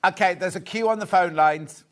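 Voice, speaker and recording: Male shopping-channel host, light higher voice, jokey and chatty, corrects himself as he goes. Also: normal speed. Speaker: shopping TV presenter. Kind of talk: live selling chat, reading viewer messages. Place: TV studio.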